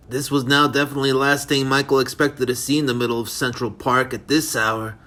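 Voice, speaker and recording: A man's voice: medium pitch, little pitch movement, fairly quick, few pauses, sharp tone. A man narrating his own thriller novel as an audiobook, reading unevenly with small slips and self-corrections.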